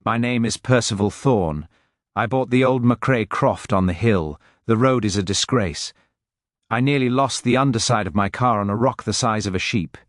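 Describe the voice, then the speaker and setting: A man's voice: lowish voice, moderate pace, dry recording, studio quality, natural voice. A man voicing a pompous, wealthy Englishman with a clipped, nasal London accent who barks demands. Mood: indignant. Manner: barking, demanding, disdainful. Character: pompous rich Englishman, angry newcomer.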